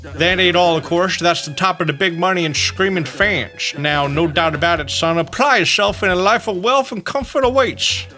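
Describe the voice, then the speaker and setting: Guy putting on a high loud texan rancher drawl, folksy old promoter, game music underneath. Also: normal speed. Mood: salesy. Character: folksy older male Texan fight promoter.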